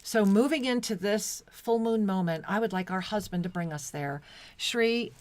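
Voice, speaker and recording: A woman with a mid-range voice co-hosts a spiritual talk radio show at a moderate pace. She reads listener messages in an effusive, devotional manner and often restarts her sentences.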